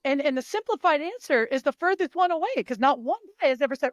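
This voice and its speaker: A woman's voice: high voice, lively intonation, quick pace, hardly any pauses, no room sound, highs cut off. A middle-aged woman coach talking in a casual interview, emphatic and blunt, swearing freely. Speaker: mental performance coach.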